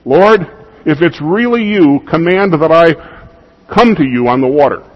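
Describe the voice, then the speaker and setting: A preacher voicing an eager, excited fisherman. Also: fairly high pitch, moderate pace, voice pushed up, close to an everyday voice. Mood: pleading. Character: impulsive adult male fisherman disciple, eager. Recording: dull lo-fi recording.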